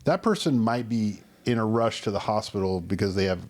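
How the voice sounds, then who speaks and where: A man's voice: fairly low pitch, expressive, fairly quick, darkish tone. A man in his thirties co-hosting a podcast, telling a personal story in a rambling, earnest way. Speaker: podcast co-host. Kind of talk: casual storytelling chat.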